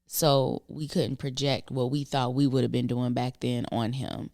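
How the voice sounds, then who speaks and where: Middle-aged woman, podcast co-host, low and gravelly, earnest and thoughtful, dry close mic. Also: little pitch movement, unhurried, no room sound. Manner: thoughtful, earnest, speaks softly at times. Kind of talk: reflective casual conversation.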